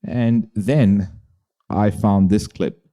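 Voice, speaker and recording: A man from Bahrain, hosting a podcast and giving a measured, dry scripted documentary narration. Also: fairly low pitch, fairly even intonation, warm tone. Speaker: podcast host.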